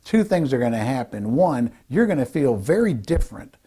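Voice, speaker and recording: A man giving a direct-to-camera lesson as a speaking coach, emphatic and deliberate, slowing down to stress key phrases. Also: mid-range voice, big pitch swings, mellow, breathy edge. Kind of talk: direct-to-camera instructional talk.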